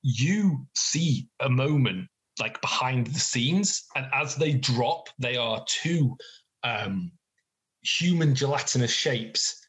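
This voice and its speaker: A man's voice: mid-range voice, animated, takes it slowly, fairly bright tone. Playful man running a tabletop game. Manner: playful, laughing narration. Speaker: game master.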